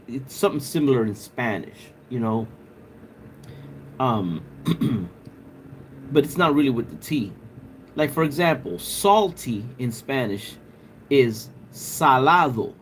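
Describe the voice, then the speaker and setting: A man's voice: medium pitch, very animated, a little slow, long pauses, slight background noise. A man with a Puerto Rican accent chatting casually on a livestream, musing aloud with crude, playful banter. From Puerto Rico. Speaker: livestream host.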